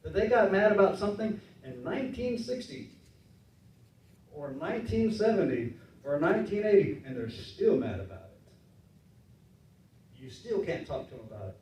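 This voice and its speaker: A man preaching a sermon in a relaxed, conversational way, acting out the voices of his listeners. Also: high-pitched, normal speed, pauses often, slight background noise. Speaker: pastor. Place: church sanctuary. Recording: roomy church sound from a distance.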